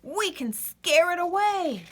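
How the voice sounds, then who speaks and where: A woman voicing a timid, excitable male goose dressed as a superhero, who exclaims in alarm. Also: very high-pitched, takes it slowly, slight background noise, voice pushed up, heavily acted. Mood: brave. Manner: panicky, exclaiming.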